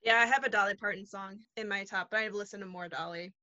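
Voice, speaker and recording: A woman's voice: mid-range voice, quick pace, sharp tone, no room sound, lo-fi sound. A woman in her twenties co-hosting a podcast in casual chat, upbeat and enthusiastic, recorded at home. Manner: upbeat, enthusiastic, laughs often. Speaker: podcast co-host.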